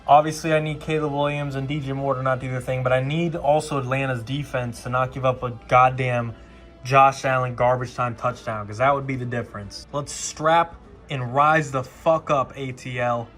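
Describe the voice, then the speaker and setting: A man's voice: medium pitch, fairly even intonation, moderate pace, a bit bright, soft background music. A young man giving profane live reactions to a fantasy football game, dropping to mutters and then bursting out. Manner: profane, swings from mutters to outbursts.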